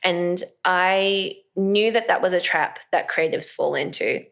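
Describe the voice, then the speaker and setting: A woman's voice: on the low side, measured pace, vocal fry. A woman, an actress and comedian, chatting casually as an interview guest and acting out voices in her stories. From Australia. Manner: animated, acts out voices when telling stories.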